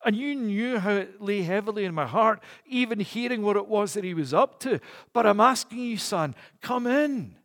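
A man voicing a gentle, pleading older father who begs his son to come in, in an earnest, imploring way. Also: high-pitched, expressive, normal speed, big-room sound, pitched above the performer's own voice.

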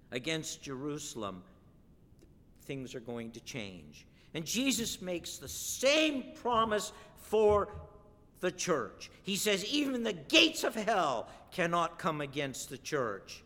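A man preaching a sermon and reading scripture aloud, emphatic and rising to forceful declarations. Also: fairly high pitch, big pitch swings, slow pace, in a large hall.

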